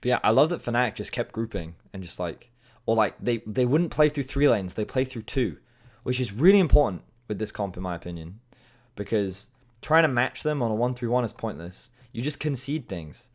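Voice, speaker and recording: A man's voice: mid-range voice, expressive. A man reviewing a video game match as an esports analyst, explaining plays in a casual way. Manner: explanatory, casual, breaks into quick impressions.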